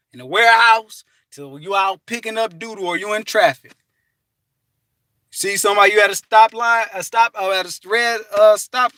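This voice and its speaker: Man, high voice, animated preachy talk, dry close sound. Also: no room sound. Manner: animated, preachy, laughs and sings out bits. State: hot and restless. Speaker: vlogger. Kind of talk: casual motivational talk. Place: inside a parked car.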